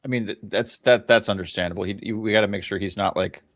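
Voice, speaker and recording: A man bantering as producer and co-host, quick and joking, full of filler words. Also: on the low side, fairly even intonation, no room sound. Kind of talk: casual banter.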